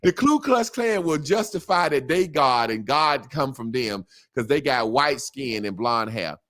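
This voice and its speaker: A man's voice: mid-range voice, lively intonation, measured pace, a bit bright. A man as an interview guest, talking in a casual, emphatic way with slang and repetition.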